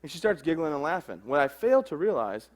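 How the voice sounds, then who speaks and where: Fast-talking joking man telling a story. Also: on the high side, sing-song. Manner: joking storyteller, acts out quoted dialogue. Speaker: motivational speaker. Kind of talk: humorous motivational speech.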